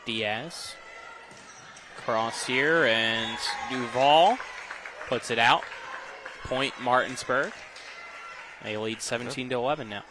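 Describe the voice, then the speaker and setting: A man calling live high school volleyball play-by-play, quick and getting excited on rallies. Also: a crowd in the background, noisy background. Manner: rapid, gets loud and excited on long rallies. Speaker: play-by-play commentator.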